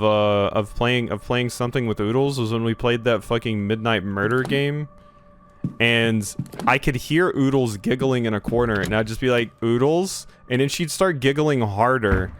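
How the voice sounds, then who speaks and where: Slight background noise sits behind this medium-pitched young man as he streams a game live. He rambles and jokes with his viewers in casual chat, swears, and reads the in-game text out loud.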